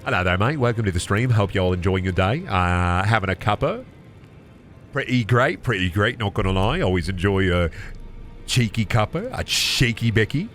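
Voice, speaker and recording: A man's voice: fairly low pitch, expressive, moderate pace, a bit bright, soft background music. A man faking a chirpy British streamer. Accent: put-on British. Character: cheery stereotypical British streamer, male.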